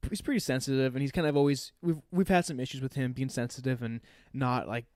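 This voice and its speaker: A man's voice: medium pitch, fairly even intonation, fast talker, darkish tone, no echo, studio quality. A man in his twenties, a podcast co-host and youth leader, telling a story in casual chat, rambling with lots of "like" and laughing as he talks. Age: 20s. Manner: rambling, heavy use of "like", laughs while telling.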